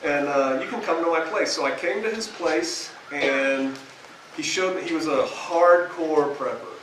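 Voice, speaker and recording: Folksy man preacher with a slightly high voice, chatty storyteller, caught on a distant mic in an echoey hall. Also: a little slow, fairly bright tone, a little hiss or hum. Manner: folksy, chatty storyteller who laughs at his own stories. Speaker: pastor. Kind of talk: storytelling seminar talk to a live audience. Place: hall with a live audience. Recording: echoey room recorded from a distance.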